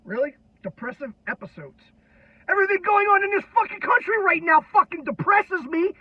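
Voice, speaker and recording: A man, a military veteran, delivering an angry political rant on video, irate and heavily profane, often shouting. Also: extremely high pitch, a little fast, no room sound. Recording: dull lo-fi, dry sound.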